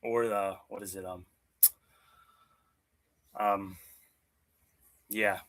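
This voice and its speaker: A man's voice: lowish voice, steady tone, very slow, fairly bright tone. A young man from Maryland talking casually and profanely while working out, rambling and answering his live chat. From Maryland, USA. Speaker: fitness vlogger. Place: home gym.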